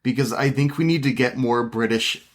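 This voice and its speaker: Man, podcast co-host, casual movie chat, mid-pitched voice, dry jokes. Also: moderate pace. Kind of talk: casual film review chat.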